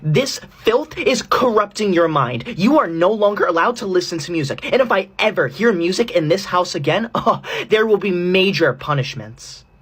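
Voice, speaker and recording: A strict, controlling parent, played by a comedic performer lays down the law in a stern, threatening way. The voice is slightly husky and breathy, with pitch that moves a lot. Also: animated, moderate pace, hardly any pauses.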